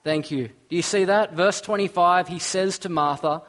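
A man's voice: high voice, normal speed, a bit bright. A man preaching a sermon, earnest, asking the listeners questions and reading scripture aloud.

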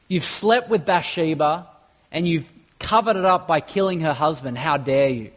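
A man's voice: on the high side, big-room sound. A man preaching a sermon, earnest, asking rhetorical questions and often restarting his sentences. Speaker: pastor.

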